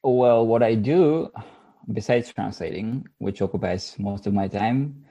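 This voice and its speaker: A man with a Bulgarian accent chats as a podcast guest about his translation work. His voice is mellow and darkly toned, and he talks in a relaxed, wry way. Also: lowish voice, measured pace, lo-fi sound. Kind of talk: casual podcast chat.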